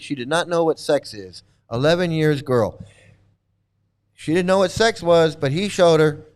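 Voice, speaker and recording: A man with a clear, resonant, rather high voice hosts a commentary video at normal speed. He rants at his viewers with angry, mocking sarcasm, repeating himself often and stumbling through restarts.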